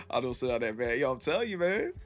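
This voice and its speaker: A man's voice: mid-range voice, sing-song, moderate pace. A man from Virginia chatting casually on a live stream. He rambles with plenty of fillers and laid-back slang.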